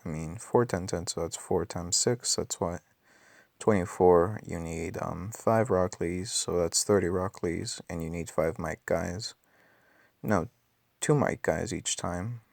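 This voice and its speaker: Raspy man, just out of bed, deep gravelly voice, dry close sound; casual game commentary, muttered calculations. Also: a little slow, darkish tone, no room sound. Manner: thinks aloud with many ums and self-corrections. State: just woke up. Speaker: mobile game player.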